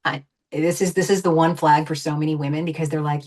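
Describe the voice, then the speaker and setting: A woman's voice: deep voice, steady tone, fairly quick. A woman in her fifties, a guest talking in an emphatic, chatty way full of fillers about her own experience. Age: 50s. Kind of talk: casual interview chat.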